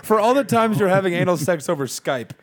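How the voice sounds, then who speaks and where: Lively teasing man on a podcast. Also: high voice, brisk. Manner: teasing, laughs often. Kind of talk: casual podcast banter.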